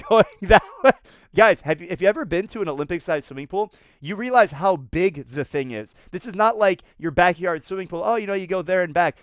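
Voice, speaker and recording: A man hosting a swimming race recap, talking excitedly, laughing and often repeating himself. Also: high-pitched, clean tone, dry recording, studio quality. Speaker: swimming analyst host.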